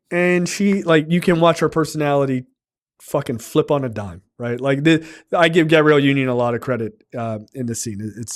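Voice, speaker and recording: A man co-hosting a film podcast, retelling movie scenes in a loose, profane casual chat full of fillers. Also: mid-range voice. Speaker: podcast co-host reviewing a film.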